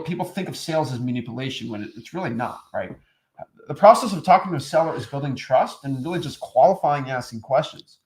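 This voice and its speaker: A man's voice: a little high, a little mellow. A man co-hosting a real estate training, talking in a loose, casual way with lots of fillers and restarts. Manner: loose and chatty, heavy on "like" and restarts, mimics stiff salesy voices. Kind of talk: casual coaching chat.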